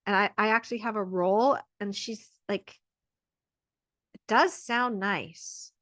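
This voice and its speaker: A woman's voice: mid-range voice, fairly bright tone, no echo, lightly acted. A woman voicing an anxious male partner who is fearful and hesitant, stammering nervously and filling his talk with "like". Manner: stammering, nervous, full of fillers.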